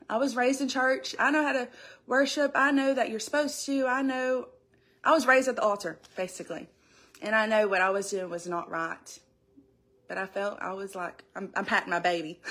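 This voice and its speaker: A young woman shares a personal testimony in church, her voice sitting a little high for a woman. She talks earnestly and haltingly, often on the edge of tears, stopping and restarting as she goes. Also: fairly bright tone. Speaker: church speaker giving testimony.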